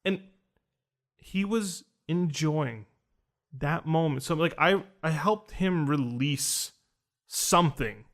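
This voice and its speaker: Man, casual storytelling, animated, quotes dialogue, fairly high voice. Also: slow. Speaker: podcast host recounting an experience.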